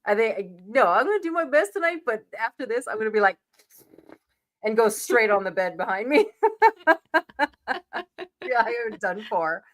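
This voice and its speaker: A woman in her forties, sick and hoarse, chatting casually as co-host of a reaction show, swearing freely and laughing often. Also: fairly high pitch, big pitch swings, normal speed, long pauses, fairly bright tone. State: sick, losing her voice, coughing.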